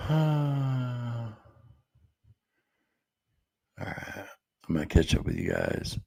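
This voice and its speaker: A man hosting a diet support live stream from his home office, chatting casually and reading viewer comments aloud with easygoing fillers and quick laughs. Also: mid-range voice, sing-song, gravelly, darkish tone.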